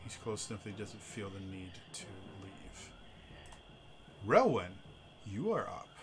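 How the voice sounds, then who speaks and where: A man narrating as game master of a tabletop game, with halting, stuttering restarts. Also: fairly low pitch, sing-song, music in the background.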